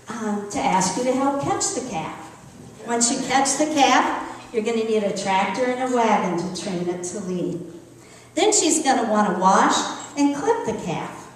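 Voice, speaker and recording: A woman's voice: fairly high pitch, a little hiss or hum. A woman telling a patterned, rhythmic story with repeated lines to a live audience. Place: large hall at a live evening event. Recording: echoey hall from far off.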